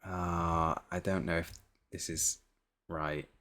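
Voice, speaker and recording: A man's voice: deep voice, level tone, slow pace, bright, forceful tone. A man hosting a live stream, chatting casually and rambling with amusement about clips he plays. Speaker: streamer host.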